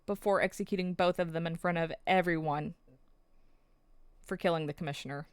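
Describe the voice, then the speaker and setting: A woman's voice: on the low side, fairly even intonation, brisk, smooth, no room sound. A woman recapping episodes of a drama in a casual, emotional, storytelling way, with plenty of fillers.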